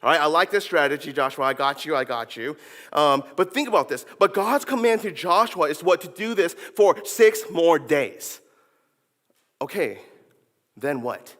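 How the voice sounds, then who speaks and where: A man's voice: on the high side, lively intonation, moderate pace, fairly bright tone, in a large hall. A man preaching a sermon in a playful way, acting out the voices of his listeners and of biblical figures. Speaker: pastor. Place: church sanctuary.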